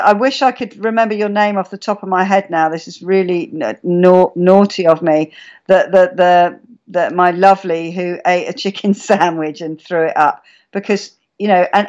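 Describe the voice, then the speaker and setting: A woman's voice: fairly low pitch, fairly even intonation, normal speed, a little mellow, highs cut off. A woman chatting casually on a live stream, telling stories and acting out her own reactions. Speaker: guest speaker.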